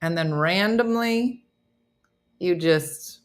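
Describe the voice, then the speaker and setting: A middle-aged woman hosting a morning comedy show, chatting casually and telling animated funny stories. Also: takes it slowly. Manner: animated storytelling, mimics voices in low growls.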